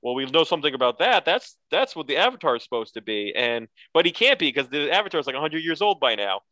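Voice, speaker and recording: A man chatting casually as a podcast co-host, his voice bright and a touch high. He talks with animated energy and slips into goofy voices as he retells scenes. The sound is dry and close, with no room around it. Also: quick pace, dry recording. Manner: animated, breaks into silly character voices. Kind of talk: casual chat recapping a cartoon.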